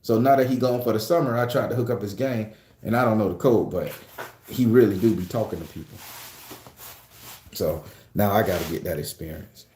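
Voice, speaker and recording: A man chats on a livestream from a room at home, swearing freely and joking as he reads out viewer comments. His voice is mellow and warm, and the room adds a noticeable echo. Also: on the low side, brisk, pauses often, slight background noise. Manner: loose, profane, joking storytelling. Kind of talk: casual livestream chat.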